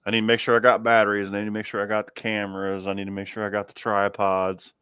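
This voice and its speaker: A man's voice: lowish voice, completely flat delivery, quick pace, fairly bright tone, clear, resonant tone, no echo. A man hosting a live chat from his garage, easygoing, chuckling often and trailing off mid-sentence. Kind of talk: casual chat.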